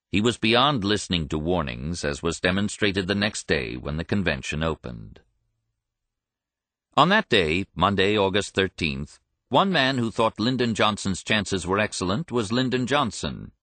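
Deep-voiced man narrating. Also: a bit bright, no echo. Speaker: audiobook narrator. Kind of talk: scripted narration.

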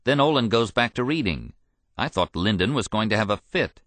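Man voicing staffer spinning a story, casual, deep voice. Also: animated, normal speed, fairly bright tone, dry recording. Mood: anecdotal. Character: male Senate staffer telling an anecdote.

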